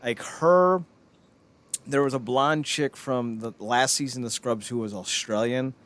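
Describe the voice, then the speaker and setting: This man in his thirties hosts a podcast, keeping the conversation loose with jokes and frequent laughter. He speaks a little slowly in a mid-range voice, animated throughout.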